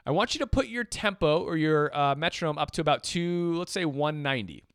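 Man teaching a jazz lesson, slightly high. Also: expressive, a little fast, a bit bright, smooth, no room sound, studio quality. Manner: explains patiently, counts beats aloud. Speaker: music teacher. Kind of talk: instrument lesson.

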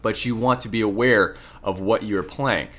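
A man's voice: lowish voice, moderate pace. A man with a cold and a slight lisp, casually explaining solo piano technique and often checking in with "right?". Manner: relaxed, self-correcting explanations with frequent "right?". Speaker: piano teacher. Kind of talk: casual music lesson. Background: piano playing between explanations.

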